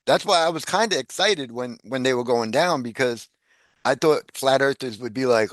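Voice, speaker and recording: A man chatting casually as a podcast guest, animated, laughing often and repeating words as he talks. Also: mid-range voice, moderate pace, no room sound, clean studio sound.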